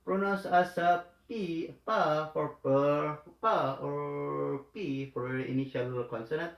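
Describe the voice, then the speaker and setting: Man, very slow lesson, halting with fillers, echoey room. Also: on the high side, steady tone, creaky. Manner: halting, many fillers, repeats each phrase. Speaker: language teacher.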